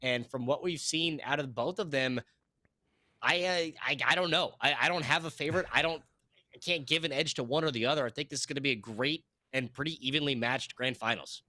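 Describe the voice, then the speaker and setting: A man calling a live esports match with a bright, forceful voice. He rambles and laughs easily, and the sound is dry and close on a headset mic. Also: mid-range voice, no room sound. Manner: rambling, excitable, quick to laugh. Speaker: esports caster.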